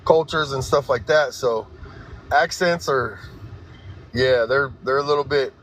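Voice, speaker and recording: A man's voice: mid-range voice, measured pace, fairly bright tone, a little hiss or hum, poor audio. A man from California with a slight country twang, chatting casually and rambling as he acts out what other people say. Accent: rural California twang. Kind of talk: casual chat.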